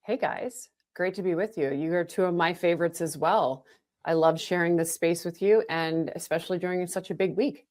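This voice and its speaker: A woman's voice: lowish voice, normal speed, a little mellow. A woman talking as a guest analyst on a sports podcast, emphatic and conversational. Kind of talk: casual podcast chat.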